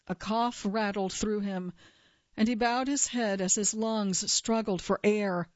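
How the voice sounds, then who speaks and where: A woman reading a magazine story aloud for a reading service in a plain, measured way. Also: mid-range voice, steady tone, a little mellow, no room sound. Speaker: volunteer reader for a reading service. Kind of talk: scripted narration of a magazine story. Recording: dull dry broadcast recording.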